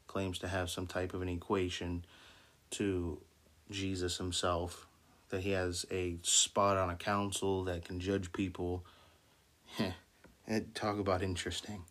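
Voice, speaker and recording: Low flat-toned guy preaching casually, lots of um and you know. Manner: rambling, many restarts and fillers; slow deliberate scripture reading. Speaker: minister. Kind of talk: informal Bible teaching.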